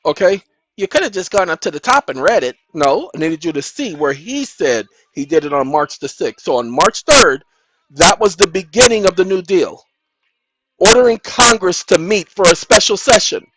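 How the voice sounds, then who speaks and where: Man, host, high voice, emphatic preaching-style delivery that swells into loud insistent bursts; noisy recording. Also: lively intonation, moderate pace. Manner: emphatic, repeats "ladies and gentlemen", rises into loud insistent bursts. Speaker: channel host.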